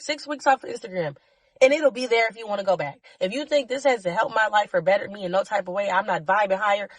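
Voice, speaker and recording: A woman's voice: medium pitch, no echo. A woman hosting her own podcast, giving a passionate, blunt motivational talk to listeners and swearing freely. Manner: emotional, preachy urging of listeners. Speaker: podcast host. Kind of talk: motivational solo podcast monologue.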